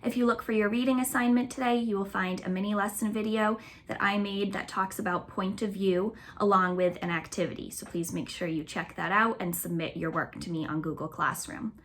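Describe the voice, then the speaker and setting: A woman teaching a remote phonics lesson to young schoolchildren, cheerful and patient, slowly stretching words out for the class. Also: medium pitch, steady tone, fairly bright tone, a little hiss or hum.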